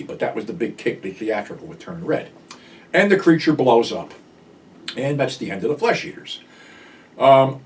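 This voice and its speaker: A man's voice: mid-range voice, recorded from a distance. An older American man hosting a show, casually and bluntly recapping a film's plot with some swearing. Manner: blunt, profane storyteller. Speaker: film review host.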